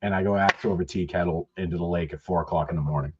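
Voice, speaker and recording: A man's voice: low-pitched, steady tone, fast, dull audio, noisy background. A man co-hosting a podcast, telling rambling, profane stories in casual chat. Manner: rambling, profane storytelling with laughs. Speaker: podcast co-host.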